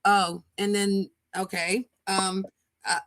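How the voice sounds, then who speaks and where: A woman hosting a live online chat, casual and animated, who keeps calling people "darling" and "girl". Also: mid-range voice, slow, dry recording, soft background music. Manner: animated, playful, says "darling" and "girl" often. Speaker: livestream host. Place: online live audio room.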